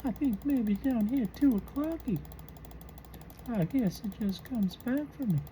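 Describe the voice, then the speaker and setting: A woman voicing a croaky elderly person with a throaty, slow, drawn-out way of talking. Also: fairly high pitch, expressive, dark tone, a little hiss or hum, pitched above the performer's own voice, low-quality recording. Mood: drawling. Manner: drawn-out, slowed speech.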